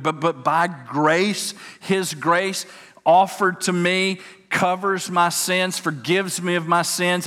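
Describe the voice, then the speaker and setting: A man preaching a sermon, animated and folksy, repeating words as he tells a story. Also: fairly high pitch. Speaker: pastor. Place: church sanctuary. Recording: long hall reverb.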